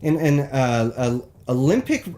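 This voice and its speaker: A man hosting a live call-in show, reading mock local news in a rambling, deadpan, jokey way that stumbles over words. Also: mid-range voice, measured pace.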